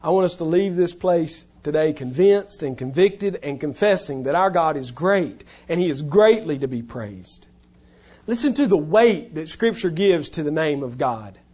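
A male pastor preaching a sermon, stressing key words loudly and then dropping to hushed, low lines. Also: expressive, normal speed, husky.

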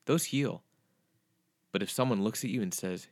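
A man's voice: fairly low pitch, moderate pace, no room sound, clean studio sound. A young adult man teaching the Bible on a podcast, earnest, with emphatic, repetitive phrasing.

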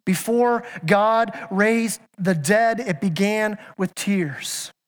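A man's voice: sits high, very slow. A man preaching a sermon as pastor, earnest and emphatic, asking his listeners question after question and sometimes stumbling into restarts. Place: church sanctuary. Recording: church hall with long reverb.

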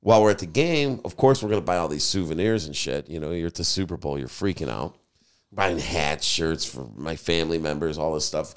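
A man, a podcast host and DJ, telling a story in casual chat, animated and swearing freely. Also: rumbling low, a little fast.

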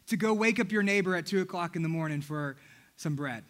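A man's voice: high-pitched, fairly quick, a bit bright. A man, a pastor preaching a sermon in church, telling funny stories and talking straight to the congregation. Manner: humorous storytelling, talking directly to the congregation.

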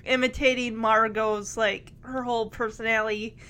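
A young woman with a high, light voice chats through an episode recap. She giggles often and strings her thoughts together with "like" and "um". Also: level tone, moderate pace, pushed and bright. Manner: chatty and giggly, many fillers like "like". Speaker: show recap host.

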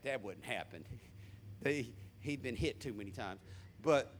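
An older man from Florida, preaching a sermon. He tells folksy stories and swings from loud to hushed. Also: medium pitch, a little slow, slight background noise. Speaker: pastor.

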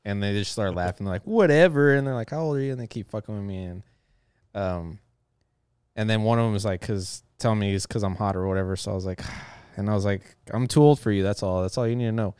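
A man in his thirties hosting a live chat, telling stories in a profane, animated way with frequent laughs. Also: fairly low pitch, quick pace, clear, resonant tone, dry recording, studio quality. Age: 30s. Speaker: podcast host. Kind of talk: casual chat.

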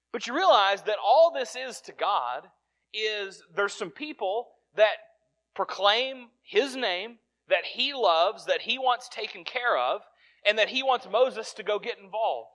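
A man's voice: sits high, lively intonation, measured pace, sharp tone. A man preaching a sermon in an earnest, conversational way, often restarting his sentences.

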